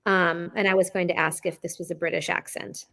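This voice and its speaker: Gravelly woman intuitive, tentative. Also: fairly low pitch, level tone, fairly quick, fairly bright tone. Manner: tentative, searching, many "like" fillers. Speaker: intuitive co-host. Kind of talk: live-stream psychic reading.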